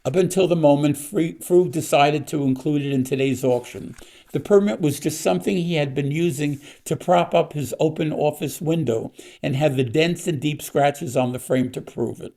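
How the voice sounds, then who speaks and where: A man, an author, reading his mystery novel aloud with steady storytelling. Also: a little high, moderate pace.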